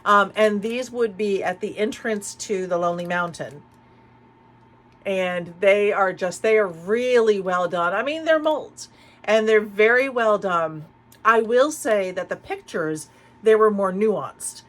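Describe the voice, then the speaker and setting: A woman's voice: mid-range voice, measured pace, fairly bright tone, poor audio. A middle-aged woman chatting casually at home as a haul vlogger, rambling with many restarts and fillers. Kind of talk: casual chat. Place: a room at home.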